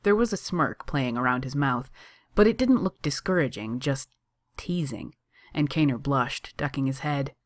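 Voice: mid-range voice, lively intonation, moderate pace, no room sound, studio quality. A reader narrating fan fiction aloud in a casual, wry way.

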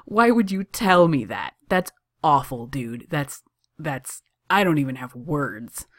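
A reader voicing an excitable young man who works as a barista, eager and teasing as he talks. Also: mid-range voice, moderate pace, no echo, clean studio sound, close to an everyday voice. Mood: playful. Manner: eager and teasing, laughing easily.

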